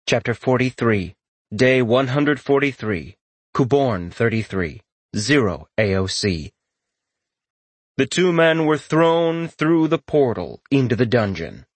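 A man's voice: mid-range voice, slow pace, no echo. Man narrating a fantasy audiobook, dry. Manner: steady storytelling read with dramatic rises for quoted lines.

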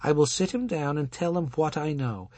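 A man's voice: a little high, mellow, dry recording, pitched above the performer's own voice, close to an everyday voice. A man voicing a stern older rabbi. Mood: preaching. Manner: lofty, preaching, slow on emphasis.

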